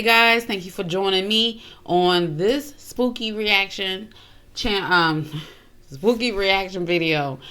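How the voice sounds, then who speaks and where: A woman hosting a casual reaction video, chatty and quick to exclaim. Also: mid-range voice, pushed and bright. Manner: chatty, exclaims and laughs often.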